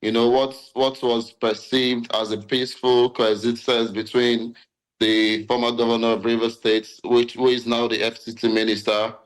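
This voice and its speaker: A man's voice: mid-range voice, flat delivery, normal speed, rough recording. A man answering questions as a guest in a news interview, talking hesitantly with many fillers and repeated words. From Nigeria. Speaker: interview guest, local stakeholder. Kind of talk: live interview.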